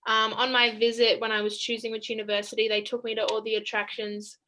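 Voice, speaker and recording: Young aussie woman on a video call, bright forceful voice, chatty, laughs a lot. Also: fairly high pitch, completely flat delivery, fast talker, poor audio. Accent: Australian. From Australia. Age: young adult. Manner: chatty, laughs often between sentences. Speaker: college basketball player. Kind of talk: casual interview over video call.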